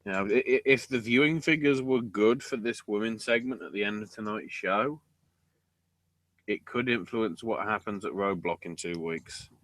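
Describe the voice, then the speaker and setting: A man's voice: fairly low pitch, a bit bright. A man hosting a podcast, recapping in a casual, sarcastic way and swearing freely. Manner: profane, sarcastic, unhurried drawl. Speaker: podcast host. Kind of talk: casual wrestling recap chat.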